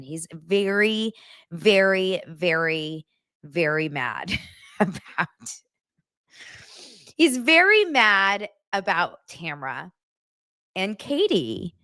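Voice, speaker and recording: A woman hosting a casual pop-culture vlog, gossipy and animated, often repeating herself. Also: lowish voice, no echo, clean studio sound. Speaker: pop culture vlogger host. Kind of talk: casual chatty vlog monologue.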